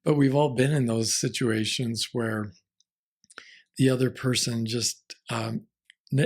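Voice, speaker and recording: A man speaking as a marriage and family therapist in an interview, measured and reflective, sometimes restarting his sentences. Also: medium pitch, vocal fry, husky. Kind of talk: conversational interview answers.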